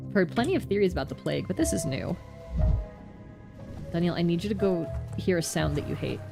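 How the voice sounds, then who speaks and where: A woman streamer giving casual, excitable commentary as she plays a game, thinking aloud in a chatty way. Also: fairly low pitch, fairly quick, gravelly, pauses often, over music.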